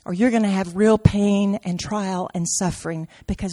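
A woman preaching a sermon with great drama, dropping to near-whispers and rising to shouts. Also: medium pitch, steady tone, normal speed, few pauses, long reverb tail. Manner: dramatic, swings from soft to shouting, acts out quotes.

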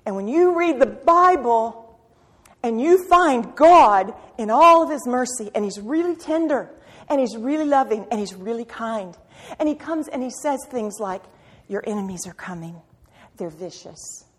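A woman preaching a sermon with passion, firing rhetorical questions and swinging from loud to hushed. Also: fairly high pitch, lively intonation, measured pace. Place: church sanctuary. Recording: reverberant hall.

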